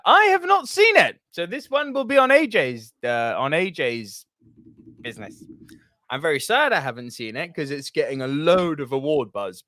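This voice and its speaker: A man chatting as co-host of a movie podcast, quick to joke and laugh. His voice is high and moves around a lot. The recording is dry and close. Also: pushed and bright, dry recording. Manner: jokey, laughs often, swears casually. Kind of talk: casual chat.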